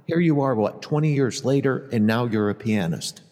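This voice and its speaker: A man's voice: medium pitch, normal speed, a little mellow. A man interviewing a guest, asking rambling, friendly questions full of fillers. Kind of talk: casual interview. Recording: long reverb.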